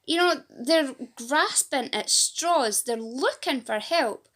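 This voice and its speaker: A woman's voice: high-pitched, animated, takes it slowly, fairly bright tone. A woman from Scotland with a Fife accent, a support group founder making an earnest, rambling appeal in a casual talk to camera. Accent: Scottish, Fife. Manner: earnest, rambling, emotional at times.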